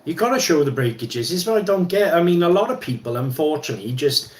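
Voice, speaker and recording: A man's voice: fairly high pitch, lively intonation, quick pace, few pauses. Man, casual livestream host, rambling with ums, working at a bench, roomy echo. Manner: rambling, many ums and restarts. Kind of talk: casual chat while wrenching.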